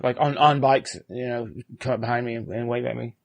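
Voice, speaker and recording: A man's voice: medium pitch, fairly even intonation, a little fast, vocal fry, dry recording, lo-fi sound. A man co-hosting a podcast, telling stories casually with lots of laughter and swearing. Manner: laughing, swearing, rambling storyteller. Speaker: podcast co-host.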